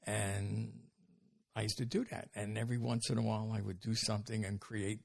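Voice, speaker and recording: A man's voice: on the low side, little pitch movement, fairly quick, creaky. A man in his seventies, a comedian from New York, telling rambling, self-amused stories in a casual interview. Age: 70s. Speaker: comedian guest.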